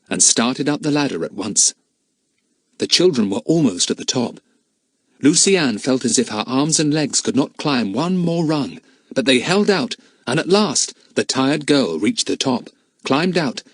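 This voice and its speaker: Lively male storybook narrator. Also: medium pitch, measured pace, no room sound. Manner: lively, expressive reading. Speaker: audiobook narrator.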